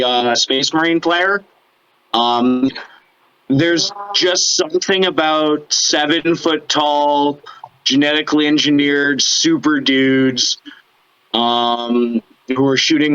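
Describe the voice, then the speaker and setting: Male podcast co-host, bright forceful tone, casual and profane, dull lo-fi audio. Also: mid-range voice, clear, resonant tone. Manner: animated, swears freely, slips into joking voices. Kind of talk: casual chat. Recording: dull lo-fi sound.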